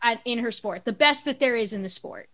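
A woman with a bright, fairly high voice talking sports in a loose, unscripted way. She is blunt and exasperated and swears freely. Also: fairly quick. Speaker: podcast co-host. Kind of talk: casual sports chat.

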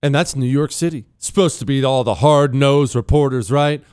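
A man's voice: mid-range voice, moderate pace, darkish tone, smooth, no room sound, studio quality. A man hosting a political talk show, combative and sarcastic, often mocking others in put-on voices.

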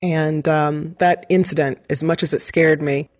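A middle-aged woman chatting casually as a co-host, telling a story with lively laughter. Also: sits low, a little slow. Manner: animated storyteller, laughs often.

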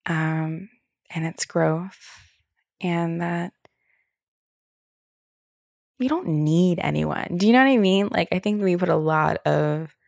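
A young woman talks through a solo podcast in a loose, candid way, full of "like" and "um" and the odd swear. Her voice sits low with a gravelly fry at the edges. The sound is close and dry, with no room around it. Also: no echo. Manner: candid, chatty, swears freely, many fillers. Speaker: podcast host. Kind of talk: casual solo podcast chat.

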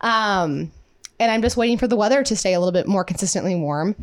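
A young Midwestern woman co-hosts a casual podcast, upbeat and chatty, her talk full of "like" and "um." She speaks fast in a mid-range voice with lively intonation.

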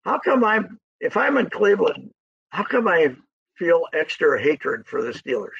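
A man's voice: a little high, big pitch swings, measured pace, vocal fry, fairly bright tone, husky, no room sound. A man chatting casually about sports as a guest, rambling and chuckling through stories. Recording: muffled lo-fi line.

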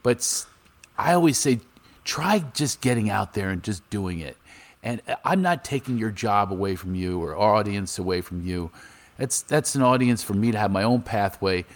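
A man's voice: lowish voice, normal speed. A man, a comedian from Philadelphia, chatting casually in an interview and acting out anecdotes. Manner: animated storyteller, acts out voices in anecdotes. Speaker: comedian guest. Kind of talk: casual interview chat with storytelling.

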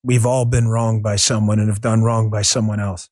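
A man's voice: on the low side, little pitch movement, moderate pace, a little mellow, dry recording, studio quality. A man hosting a political talk show, speaking bluntly and earnestly and swearing freely. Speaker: podcast host.

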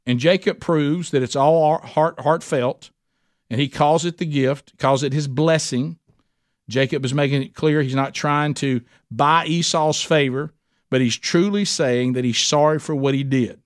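A man's voice: mid-range voice, moderate pace, dry recording, clean studio sound. A male pastor preaching a sermon in a folksy, conversational way, often asking the listeners questions.

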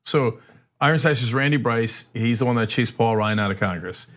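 A middle-aged man co-hosting a casual political chat, animated and acting out quotes. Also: medium pitch, moderate pace. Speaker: co-host.

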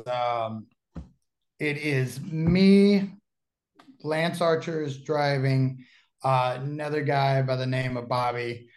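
A man telling an anecdote in casual conversation, animated, laughing often and using many fillers. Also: mid-range voice, creaky. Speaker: guest storyteller.

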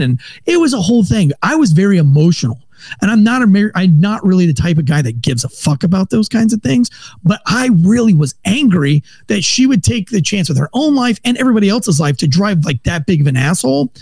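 A man in his thirties, a former police officer, telling a profane, animated story in casual podcast chat. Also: sits high, fairly quick, slightly rough, no room sound.

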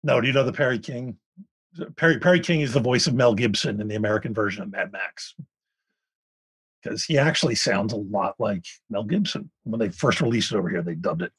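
A man's voice: lowish voice, fairly bright tone, slightly rough. A man co-hosting a podcast, telling rambling stories in a casual, chatty interview. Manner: chatty, rambling storyteller with quick asides. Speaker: podcast co-host.

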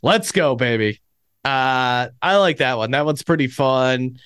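A man's voice: mid-range voice, a little slow, clear, resonant tone, no room sound, clean studio sound. A man hosting a sports podcast, chatting casually and energetically about football betting picks. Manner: energetic, enthusiastic. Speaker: podcast host.

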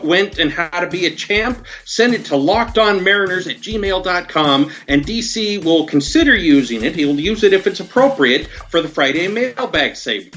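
A man guest-hosting a podcast, reading promos and introducing a guest in an upbeat, animated way. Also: high-pitched. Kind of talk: podcast reads and interview.

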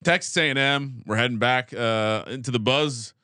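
A man co-hosting a sports betting podcast, joking, animated and swearing freely in casual chat. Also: medium pitch, moderate pace, dry recording, clean studio sound. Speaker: podcast co-host.

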